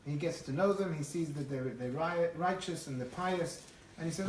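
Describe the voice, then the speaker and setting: A man giving an animated storytelling lecture as a Torah teacher, often restarting his phrases. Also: a little high, normal speed. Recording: echoey room, far from the mic, faint noise.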